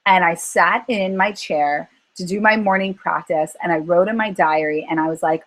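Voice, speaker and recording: A woman's voice: on the low side, normal speed, hardly any pauses, poor audio. A woman coaching on emotional eating in a group call, talking earnestly and acting out her own inner voice as she tells stories. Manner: earnest, animated storytelling with acted-out inner voices. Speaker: weight-loss coach.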